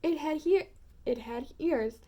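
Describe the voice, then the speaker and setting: Woman, storyteller, picture-book read-aloud, high voice, slow rhythmic verse. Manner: expressive, rhythmic verse reading.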